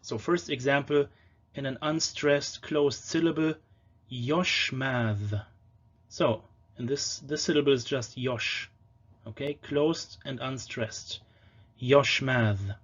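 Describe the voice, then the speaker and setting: A man giving a patient lecture on ancient pronunciation, often slowing down to sound out single words. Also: fairly high pitch, steady tone, dull audio. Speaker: language lecturer.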